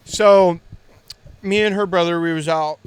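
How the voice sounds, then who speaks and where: Twenties American man, high-pitched, co-host telling rambling anecdotes with laughter. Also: steady tone, unhurried, clean tone. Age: 20s. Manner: rambling storyteller, laughs often. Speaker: podcast co-host. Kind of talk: casual chat.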